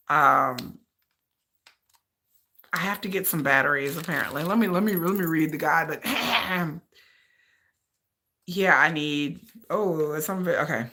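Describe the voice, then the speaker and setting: Woman, excitable livestream unboxing, bright voice, bouncy pitch. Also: slight background noise. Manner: excitable, talks to viewers as y'all, repeats herself. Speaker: livestream reaction host.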